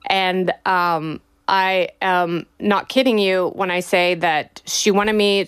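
A young adult woman telling a story in a casual, animated way, often laughing as she talks. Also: medium pitch, smooth. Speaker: bride telling her wedding story.

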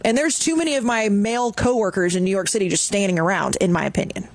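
A woman in casual chat, retelling an office incident in a lively storytelling way. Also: medium pitch, fast, no echo. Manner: chatty storyteller, animated retelling. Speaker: podcast guest recounting office story.

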